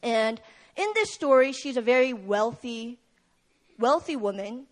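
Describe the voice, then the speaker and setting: High-voiced woman preaching. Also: animated, a little slow. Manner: retells the story with acted quotes, casual fillers. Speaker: speaker at a prayer meeting. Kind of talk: sermon.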